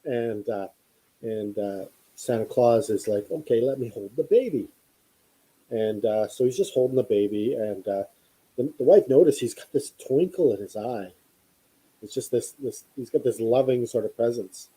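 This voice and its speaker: A man spins a story in a relaxed, meandering way, stopping and starting with lots of filler words. His voice is very dark and husky. He sounds like a podcast host chatting across the table. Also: mid-range voice, normal speed, poor audio. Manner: rambling, many fillers and restarts. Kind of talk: casual storytelling.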